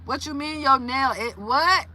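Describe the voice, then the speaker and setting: Bright, animated woman streaming live. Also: sits high, measured pace. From Louisiana. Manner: animated, exclamatory, incredulous, laughing often. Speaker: livestream host. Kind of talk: casual livestream chat.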